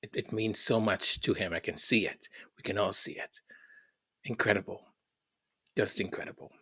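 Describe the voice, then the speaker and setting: A man's voice: lowish voice, normal speed, fairly bright tone, slightly rough. A middle-aged man hosting his channel, chatting casually and emotionally as he reads viewer comments, often repeating words and hesitating. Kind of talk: casual chat.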